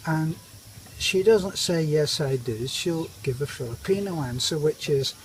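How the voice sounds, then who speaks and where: A man's voice: fairly high pitch, expressive, a little slow. A middle-aged British man telling a wry, self-mocking story in a casual vlog. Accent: British English. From Britain. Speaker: expat vlogger. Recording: noisy outdoor recording.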